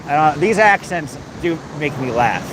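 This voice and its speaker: A man's voice: a little high, lively intonation, unhurried. A man hosting a casual livestream and reading out comments, with crude, mock-threatening jokes. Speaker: livestream host. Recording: noisy outdoor background.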